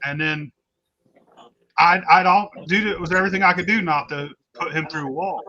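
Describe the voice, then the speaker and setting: A man's voice: fairly high pitch, moderate pace, a crowd in the background. A man telling a long personal story in casual, blunt, heavily cursing talk, with rambling restarts. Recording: dull lo-fi recording.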